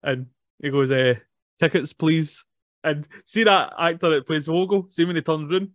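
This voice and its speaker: A man's voice: on the high side, normal speed, dry recording, studio quality. A man, chatting casually about a film, laughing often as he recaps scenes. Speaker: podcast co-host.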